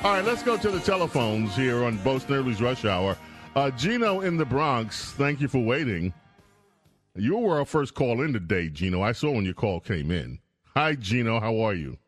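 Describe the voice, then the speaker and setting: A man's voice: mid-range voice, big pitch swings, moderate pace, faint music behind. A man hosting a call-in radio talk show, emphatic and insistent, cutting in by repeating the caller's name from a studio mic. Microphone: studio microphone.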